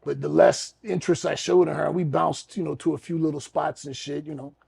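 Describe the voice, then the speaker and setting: A man's voice: fairly high pitch, steady tone, brisk, vocal fry, a little mellow, a little hiss or hum. A man co-hosting a podcast, telling a story in a loose, laid-back, profane way. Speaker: podcast co-host. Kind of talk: casual storytelling chat.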